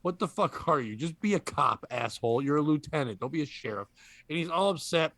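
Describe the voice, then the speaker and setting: A man's voice: on the high side, expressive, brisk, a bit bright, no room sound. A man hosting a comedy podcast, joking crudely and laughing often in casual banter. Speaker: podcast host.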